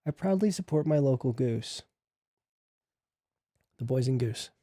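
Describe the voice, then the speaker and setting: Casual young man livestreaming, dark tone. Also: mid-range voice, animated, measured pace, no echo, clean studio sound. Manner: chatty, joking, reads chat aloud. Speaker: livestream host.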